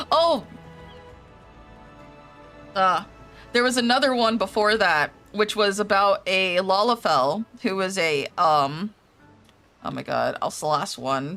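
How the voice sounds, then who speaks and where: A woman's voice: mid-range voice, a bit bright. A young woman streamer casually recapping game quests, rambling and swearing freely with lots of "like".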